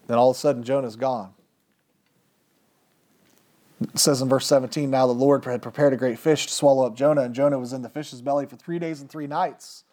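A man preaching a sermon, retelling scripture in a casual, slangy way with lively swings in pitch and loudness. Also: brisk, long pauses.

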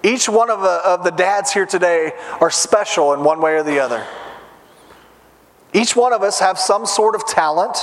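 A middle-aged man preaching a sermon to fathers, earnestly putting direct questions to his listeners. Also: on the high side. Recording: long reverb of a large hall.

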